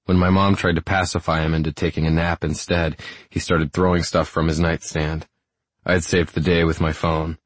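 A man's voice: sits low, little pitch movement, moderate pace. A man narrating a first-person romance audiobook in a subdued, reflective way.

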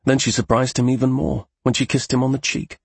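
A man narrating a fantasy story at a steady, measured pace. His voice is very husky with a gravelly rasp, recorded close and dry. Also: mid-range voice, dry recording. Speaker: audiobook narrator.

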